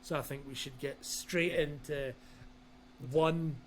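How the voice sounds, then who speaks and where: A man's voice: medium pitch, steady tone, moderate pace, fairly bright tone, slight background noise. A man hosting a wrestling podcast, casual and jokily incredulous. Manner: jokey, mock-incredulous. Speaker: podcast host.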